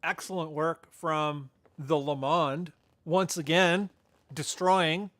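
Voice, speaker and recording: A man hosts a casual live podcast, talking loosely with plenty of ums and restarts. His voice sits a little high. The sound is close and dry. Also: steady tone, slow pace, a bit bright, no echo. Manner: rambling, chatty, frequent fillers and self-corrections; laughs at his own asides. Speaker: podcast host.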